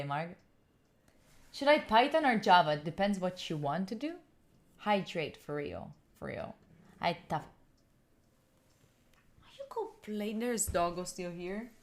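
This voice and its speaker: Chatty young woman hosting a study stream. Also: on the low side. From Italy. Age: young adult. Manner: chatty, giggly, answers chat questions aloud. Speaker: study livestream host. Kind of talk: casual chat with live viewers. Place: room at home.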